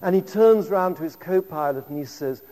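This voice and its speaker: Man, 50s, lecturer; a slightly high, anecdotal and conversational voice, recorded with long hall reverb. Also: normal speed, dark tone. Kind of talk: public lecture.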